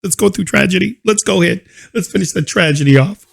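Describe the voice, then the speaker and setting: A man hosting a reaction video, giving sarcastic commentary with mock-outraged shouting and laughter. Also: sits high, fast talker, gravelly, breathy edge.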